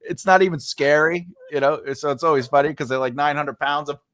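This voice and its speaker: A man's voice: on the high side, steady tone, fairly quick, fairly bright tone, no echo, studio quality. A man with a Brooklyn accent hosting an interview, joking, making puns and rambling with many fillers. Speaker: podcast host. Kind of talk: casual interview chat.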